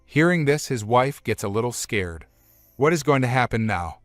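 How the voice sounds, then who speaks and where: A man's voice: medium pitch, lively intonation, moderate pace, no room sound, faint music behind. A man narrating a comic story recap, retelling plainly in the present tense.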